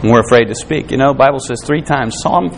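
A man preaching a sermon, often rising in pitch and loudness and acting out the voices he quotes. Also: quick pace, a little hiss or hum.

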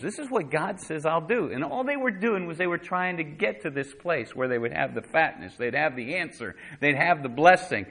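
A man preaching a sermon with passion, reading scripture and dropping from hushed tones to loud bursts. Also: fairly high pitch, expressive, moderate pace, hardly any pauses. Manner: reads scripture aloud in King James wording. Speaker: pastor.

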